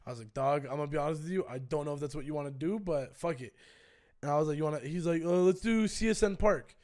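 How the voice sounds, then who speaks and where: A young man streaming, retelling a personal story in a casual, animated way and acting out both sides with swearing. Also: a little high, fast. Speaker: streamer and co-host.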